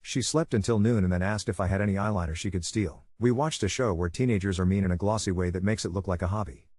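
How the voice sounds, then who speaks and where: A man narrating a first-person story in a steady, measured way, his voice sitting a little low. The sound is close and dry, with no room around it. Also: dry recording.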